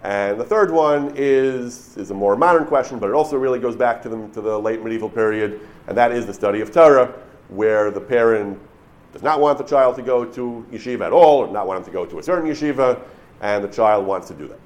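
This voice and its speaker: A man's voice: medium pitch, brisk, a little mellow. A man teaching a Torah class, explaining legal sources earnestly and with enthusiasm, often restarting and repeating words as he thinks. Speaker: Torah lecturer. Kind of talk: online Torah class lecture.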